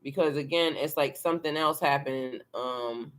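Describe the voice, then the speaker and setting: A tarot reader doing a casual live card reading, excitable and chatty, swearing freely and talking to viewers and a helper. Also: mid-range voice, moderate pace. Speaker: tarot reader and spiritual coach.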